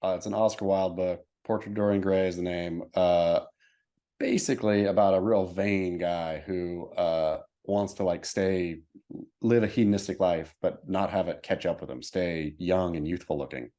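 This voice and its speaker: A man's voice: deep voice, fairly even intonation, moderate pace, warm tone. A man co-hosting a surf podcast, laughing easily and telling rambling, playful stories. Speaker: podcast co-host. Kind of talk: casual surf podcast chat.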